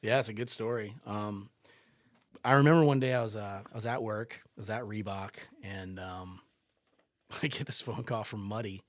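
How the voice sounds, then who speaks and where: A man's voice: fairly low pitch, fairly even intonation, normal speed, no room sound. A man, a photographer and podcast guest, telling a story casually and animatedly, acting out quotes and swearing freely.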